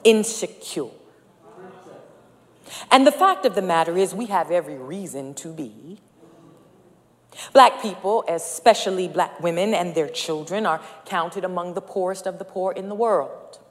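A woman's voice: lowish voice, lively intonation, normal speed. A woman preaching a sermon in a church, speaking in rhetorical, rhythmic repetitions that build in intensity. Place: church sanctuary. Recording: long reverb of a large hall.

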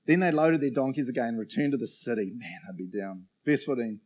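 A man preaching a sermon, reading scripture aloud and explaining it in animated storytelling with frequent "right?" asides. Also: mid-range voice, a little fast.

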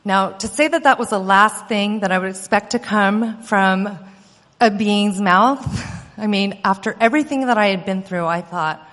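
Woman, a mother, earnest animated storyteller, middle pitch, recorded with long reverb. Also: normal speed. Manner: earnest, animated telling with quoted dialogue. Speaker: mother recounting an experience. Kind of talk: personal storytelling.

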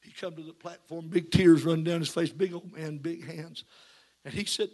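A man preaching a sermon, moving from fervent shouted preaching into quiet folksy storytelling. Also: high-pitched, little pitch movement, normal speed.

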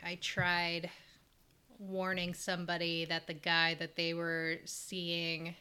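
A woman co-hosting a podcast, easy-going in casual chat and quick with short replies. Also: fairly low pitch, monotone, sharp tone, clean tone. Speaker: podcast co-host. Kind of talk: casual chat and episode recap.

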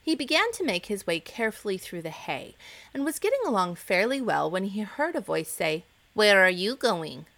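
A woman hosting a reading show, narrating a children's story in a gentle, expressive way. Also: medium pitch, fairly quick, vocal fry. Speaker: storybook reader, host.

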